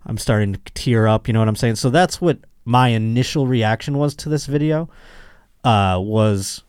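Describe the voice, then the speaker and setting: A man's voice: mid-range voice, normal speed, a little mellow, clean tone, no room sound. Crude joking man, dry close sound. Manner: crude, joking, puts on mocking voices. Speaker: podcast host. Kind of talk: casual comedic monologue.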